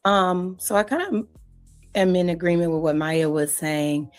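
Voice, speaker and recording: A woman's voice: lowish voice, measured pace, dry recording, soft background music. A woman on a podcast panel giving a thoughtful opinion, with frequent ums. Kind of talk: casual debate.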